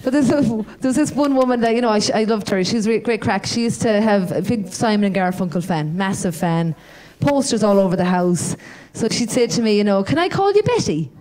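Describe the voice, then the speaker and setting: A woman's voice: medium pitch, brisk, few pauses. Irish woman doing rambling stand-up. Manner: rambling, self-deprecating, dark humour. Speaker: stand-up comedian. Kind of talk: stand-up comedy set. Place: live stage at a comedy night.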